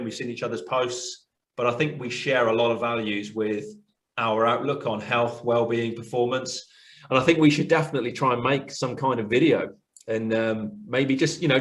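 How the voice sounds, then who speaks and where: A British man, a coach and former forces fitness instructor, chatting over a video call in a quick, excitable way. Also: mid-range voice. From United Kingdom. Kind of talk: casual video call chat.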